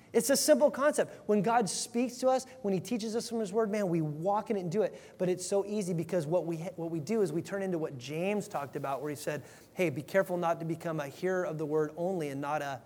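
Guy pastor preaching, kinda high voice, casual and earnest, stumbles and restarts a lot, big echoey church. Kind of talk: sermon. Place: church sanctuary. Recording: long hall reverb.

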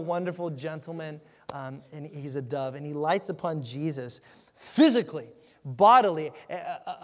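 A man preaching with emphatic, animated delivery and a somewhat raised pitch. He often restarts his sentences, and his voice carries a long reverb from a large church hall. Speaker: pastor. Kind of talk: sermon.

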